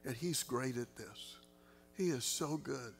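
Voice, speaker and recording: A man's voice: medium pitch, measured pace, vocal fry, soft background music. A man, a pastor teaching a Bible study in an earnest, conversational way, his voice leaping up for emphasis. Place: church.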